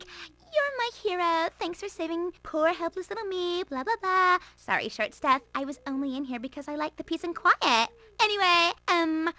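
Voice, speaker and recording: A man voicing a sarcastic, aloof young female fawn from a video game in a sing-song falsetto. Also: pushed and bright, heavily acted. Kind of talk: playful video game voice-over.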